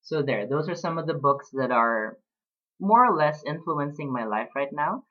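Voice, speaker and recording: A man in his late twenties talking reflectively in a casual personal vlog, pausing often with fillers as he talks about books. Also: a little high, animated, highs cut off. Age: late 20s. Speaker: vlogger.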